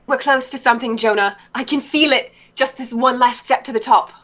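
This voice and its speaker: A woman's voice: a little high, steady tone, a little fast, fairly bright tone, lightly acted. A woman doing an impression of a determined young female explorer in a hybrid British-American accent. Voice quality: impression of a game character.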